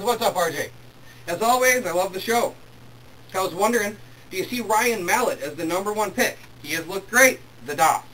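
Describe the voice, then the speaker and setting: A young man hosting his own sports talk show, reading emails and ranting excitedly about football. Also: high-pitched, a little hiss or hum. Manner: excitable, worked up when ranting. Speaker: host. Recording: distant mic with faint room ambience.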